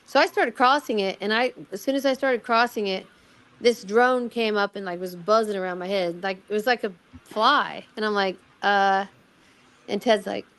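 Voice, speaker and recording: A middle-aged woman telling a personal story in casual chat, animated, acting out what people said, with many restarts. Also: medium pitch, moderate pace. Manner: animated, acts out quoted voices, many restarts. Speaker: guest recounting a personal experience.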